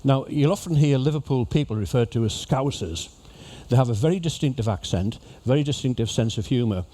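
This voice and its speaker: A man's voice: medium pitch, expressive, a little fast, dark tone. A man giving a humorous, chatty talk to cruise passengers as an after-dinner speaker. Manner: jokey, chatty storyteller addressing an audience. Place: ship lecture venue.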